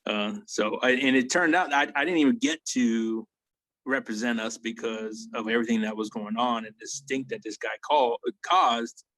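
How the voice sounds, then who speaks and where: Heard in a dry recording, this Army veteran speaks at medium pitch and a moderate pace. In a casual interview he tells war stories with plenty of profanity, animatedly quoting and acting out other people's words.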